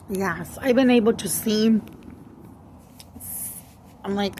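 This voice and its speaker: A woman's voice: medium pitch, very slow, long pauses, darkish tone, a little hiss or hum, low-quality recording. A woman venting bluntly in a casual monologue, cursing and switching into Spanish. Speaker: vlogger.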